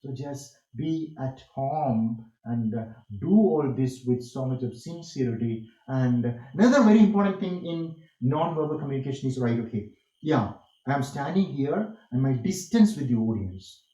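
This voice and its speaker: A man's voice: medium pitch, animated, moderate pace, mellow, dull audio. Emphatic man lecturing, echoey. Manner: repetitive, emphatic, rhetorical questions. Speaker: workshop instructor. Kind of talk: online lecture on communication skills. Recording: echoey room.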